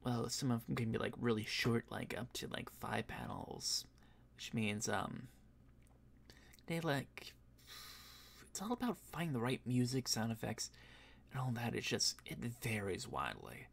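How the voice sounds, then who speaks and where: A man who voice acts, chatting casually on a stream, rambling with fillers and soft laughs, a bit tired and yawning. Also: mid-range voice, big pitch swings, a little slow, gravelly, husky. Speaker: voice actor and streamer.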